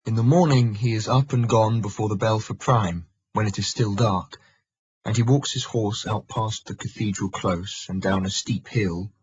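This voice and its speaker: A man reads a historical audiobook in a measured, steady narration. His voice is very low and heavily husky. The recording is dry and sounds dull and lo-fi. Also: no echo. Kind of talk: scripted narration.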